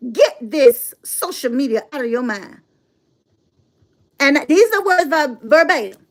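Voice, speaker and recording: A middle-aged woman talking casually to her audience in a sassy, emphatic way, laughing often and repeating herself for effect. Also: very high voice. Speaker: motivational speaker and channel host. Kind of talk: casual livestream monologue.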